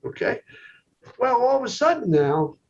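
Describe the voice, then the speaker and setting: A man's voice: extremely high pitch, big pitch swings, moderate pace. A man, a psychologist being interviewed, telling a long anecdote and checking in often with "okay". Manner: storytelling, peppered with "okay". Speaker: psychologist guest. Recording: dull lo-fi recording with faint noise.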